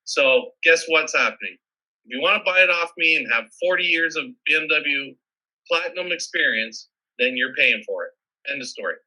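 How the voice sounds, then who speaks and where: A man hosting a show, telling funny stories in a casual, animated way and acting out what people said. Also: a little high, moderate pace, rough recording. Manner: animated storyteller acting out quotes. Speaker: podcast host. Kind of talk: casual storytelling.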